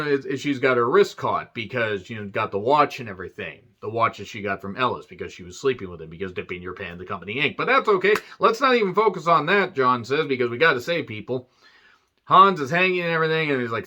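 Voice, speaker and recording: Bright-voiced man recapping a movie. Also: mid-range voice, highs cut off. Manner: profane, joking asides, many fillers. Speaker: movie reviewer. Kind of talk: casual rambling movie recap.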